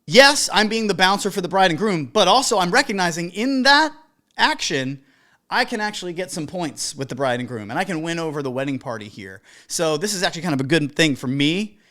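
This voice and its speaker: Animated man telling a wedding DJ story. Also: high-pitched, fairly quick. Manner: animated, emphatic, casual swearing. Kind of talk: storytelling advice to fellow DJs.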